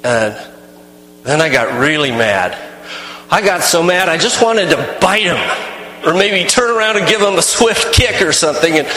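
A man spins a first-person tale in a folksy, rambling way, often restarting his phrases. His voice is bright and slightly high. The sound rings in a large, echoey hall over a faint hum. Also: animated, normal speed. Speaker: storyteller. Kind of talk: first-person character storytelling.

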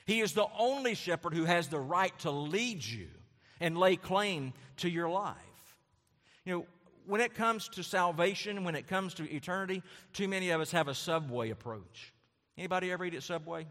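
Male pastor, emphatic sermon delivery, fairly high voice, long hall reverb. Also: lively intonation, normal speed, a bit bright. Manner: emphatic, repetitive preaching with rhetorical questions.

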